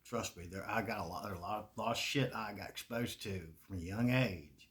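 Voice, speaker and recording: A man's voice: fairly low pitch, fairly quick, fairly bright tone. A man with a Southern US accent, talking in a rambling, profane casual monologue and laughing often. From American South. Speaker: video creator.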